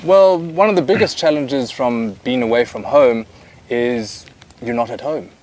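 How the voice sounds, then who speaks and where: A man working as a wildlife cameraman, answering interview questions casually with relaxed, dry humor. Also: mid-range voice, unhurried.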